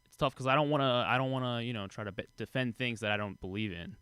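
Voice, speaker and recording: Quick, bright-voiced radio co-host. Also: male voice, medium pitch, clean tone, no room sound, clean studio sound. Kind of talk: sports radio debate.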